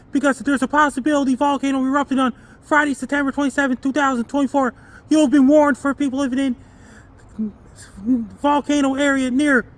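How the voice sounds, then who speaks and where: A man giving an earnest, repetitive weather forecast, reading lists in a flat sing-song. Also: very high voice. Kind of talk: earnest scripted-style forecast.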